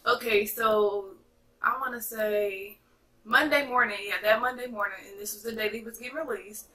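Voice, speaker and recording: A young woman from North Carolina telling a chatty, animated storytime to her viewers. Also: on the high side, normal speed, distant mic, rough recording. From North Carolina, USA. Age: young adult. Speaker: vlogger. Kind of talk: casual storytime vlog.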